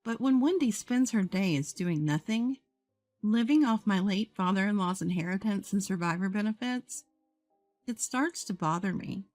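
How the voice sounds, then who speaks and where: Calm woman narrating a first-person story. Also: mid-range voice, moderate pace, dry recording. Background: faint music.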